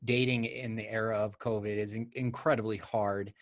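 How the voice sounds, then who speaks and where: A man's voice: on the low side, flat delivery, moderate pace. A man hosting a podcast, talking candidly and rambling, with casual swearing. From United States. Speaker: podcast host.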